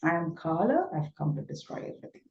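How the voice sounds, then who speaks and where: A woman voicing a stern male god of time who makes slow, solemn declarations. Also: low-pitched, big pitch swings, vocal fry, a little mellow, pitched below the performer's own voice, exaggerated voice. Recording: roomy, dull recording.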